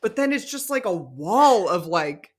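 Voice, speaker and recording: Animated chatty woman podcaster. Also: lowish voice, a little slow. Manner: chatty, animated, lots of "like", laughs often. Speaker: podcast co-host. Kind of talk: casual reality TV recap chat.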